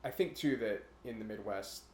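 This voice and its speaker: A man's voice: fairly low pitch, moderate pace, darkish tone, echoey room, a little hiss or hum. A man co-hosting a casual chat, rambling and breaking into brief imitation voices, a little nervous about recording. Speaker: podcast co-host.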